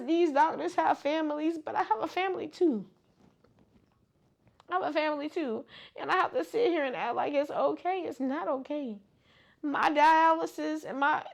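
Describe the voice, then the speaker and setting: A woman's voice: high-pitched, gravelly. A young woman gives a personal testimony in an interview, close to tears, stressing her points and repeating them. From Georgia, US. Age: young adult.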